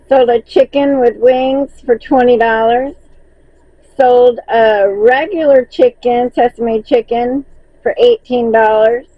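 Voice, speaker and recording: Southern lady chatting thru her sales list, slow and a bit husky, dull dry lo-fi sound. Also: fairly high pitch, dry recording. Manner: reads sales list, laughs often, chatty storytelling. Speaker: crochet seller recapping market sales. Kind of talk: casual vlog recap.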